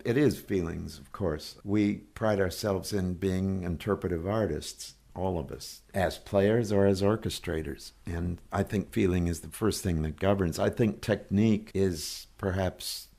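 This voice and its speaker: An older man, a guest orchestrator, speaking thoughtfully and measuredly with a gently dry manner in an interview. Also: low voice, measured pace, creaky, hardly any pauses. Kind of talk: reflective interview talk.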